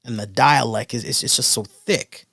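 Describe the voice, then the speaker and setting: A man's voice: medium pitch, normal speed, gravelly, bright, forceful tone, slightly rough, no room sound. Rambling man reviewing wrestling, dry close mic. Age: older adult. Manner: rambling, loose, many fillers and restarts. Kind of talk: casual solo review.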